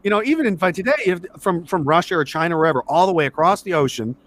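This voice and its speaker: Profane, rambling Canadian army veteran. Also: male voice, high-pitched, animated, quick pace, a bit bright. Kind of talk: casual conversation.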